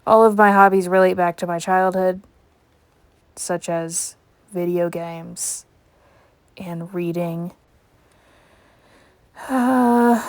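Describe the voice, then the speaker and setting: A woman's voice: medium pitch, a little mellow, no room sound. A young woman vlogging while she paints in her yard, chatting playfully to herself with sudden whispered asides. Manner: rambling, playful, self-talking with sudden whispers. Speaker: art vlogger. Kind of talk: casual chat while painting outdoors. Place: backyard, outdoors.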